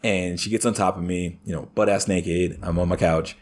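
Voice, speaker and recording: A man's voice: sits low, normal speed. Crude, swearing man telling stories. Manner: crude, heavy swearing, animated storytelling. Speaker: podcast guest. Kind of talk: casual chat.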